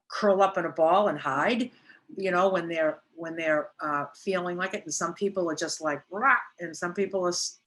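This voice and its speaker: Chatty woman sponsor with a bright voice. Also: fairly low pitch, poor audio. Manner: chatty, acts out little scenes in a raised voice. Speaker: recovery sponsor. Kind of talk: casual teaching talk.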